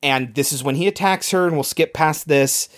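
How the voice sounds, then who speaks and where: A man's voice: fairly high pitch, normal speed. A man co-hosting a casual podcast, animatedly retelling a film's scenes and laughing often. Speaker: podcast co-host. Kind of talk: casual movie recap chat.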